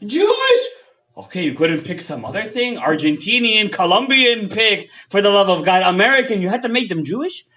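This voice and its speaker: A man giving a fiery Torah lecture as a rabbi, swinging between loud outbursts and hushed asides, mixing English with Hebrew terms, on a dull lo-fi recording. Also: high voice, lively intonation, fairly quick, hardly any pauses. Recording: dull lo-fi audio.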